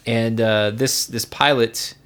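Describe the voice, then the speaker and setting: Podcast co-host, male, mid-pitched, loose rambling storyteller, lots of restarts. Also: steady tone, slow, a bit bright, clean tone. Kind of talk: casual podcast chat.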